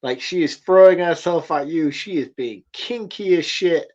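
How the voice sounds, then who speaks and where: A man's voice: fairly high pitch, moderate pace, darkish tone, muffled recording. A man co-hosting a podcast, bantering bluntly and laughing often in casual chat. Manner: laughs a lot, jokey and blunt. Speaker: podcast co-host.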